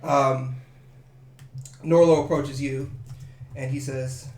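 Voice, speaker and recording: A man narrating as game master in a tabletop game, casual and a little halting. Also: mid-range voice, fairly even intonation, darkish tone, roomy sound, slight background noise.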